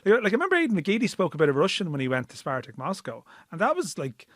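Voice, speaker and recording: A man's voice: sits high, huge pitch swings, quick pace, dry recording, clean studio sound. A man with an Irish accent talking sport on a podcast in a thoughtful, rambling way. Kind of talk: casual sports podcast chat.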